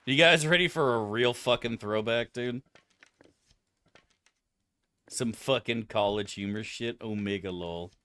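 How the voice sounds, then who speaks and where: A man's voice: mid-range voice, unhurried, pauses often, bright, forceful tone, clear, resonant tone. A young man streaming a game, chatting casually to his viewers in a profane, ranting, mock-outraged way. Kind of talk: casual live-stream chat.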